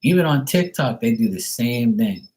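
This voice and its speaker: A man's voice: medium pitch, animated, moderate pace, a little mellow. A man who reads tarot, ranting casually and bluntly on a live stream, swearing freely. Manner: profane, exasperated, blunt. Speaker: tarot reader.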